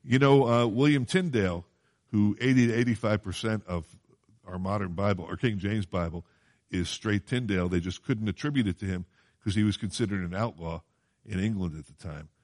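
Male preacher, lowish voice, chatty sermon delivery that keeps checking in with the congregation. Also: brisk, a little mellow. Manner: conversational, asks the congregation questions; quotes scripture in old-fashioned wording.

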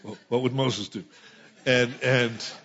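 A middle-aged man preaching a conversational sermon, building to emphatic peaks and dropping into quiet asides. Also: medium pitch, fairly even intonation, slow, slightly rough. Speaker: pastor. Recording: muffled lo-fi sound.

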